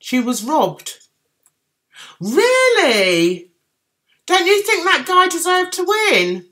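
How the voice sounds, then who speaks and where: Cockney woman, middle-aged, unhurried chatty livestreamer with a bright voice. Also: very high-pitched, huge pitch swings. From London, England. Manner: chatty, reads out and answers viewers' comments. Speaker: livestream host reading chat. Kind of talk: casual chat.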